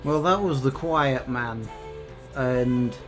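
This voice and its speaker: A man's voice: mid-range voice, slow pace, music in the background. A man doing casual, exasperated game commentary with plenty of swearing. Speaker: gaming YouTuber.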